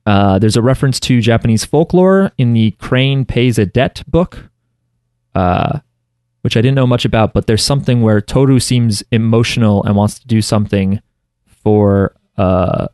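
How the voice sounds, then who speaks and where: A man's voice: fairly low pitch, normal speed, darkish tone, clean tone, dry recording, studio quality. A man co-hosting a podcast, recapping an anime in a casual, rambling way with lots of fillers and restarts. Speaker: podcast co-host.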